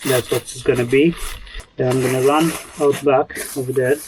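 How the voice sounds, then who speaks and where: A man's voice: medium pitch, steady tone, normal speed, slight background noise, poor audio. A man talking casually while sowing seeds in his garden, chatty and self-mocking, rambling as he goes. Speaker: homesteader vlogger.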